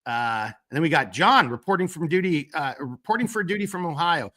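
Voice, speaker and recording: The host of a live stream talk show has a bright, forceful voice that sits a little high for a man. He speaks casually and briskly with lively intonation, rambling and leaning on fillers as he reads out shout-outs from the chat. There's slight background noise.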